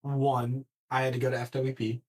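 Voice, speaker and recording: A man on a casual podcast, telling a story in an animated way, swearing freely and often restarting his sentences. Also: mid-range voice, moderate pace.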